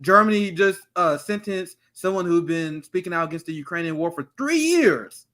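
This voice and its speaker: A man's voice: high voice, animated, moderate pace, bright, forceful tone. A man co-hosting a political commentary show, blunt and profane as he riffs on the news. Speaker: co-host.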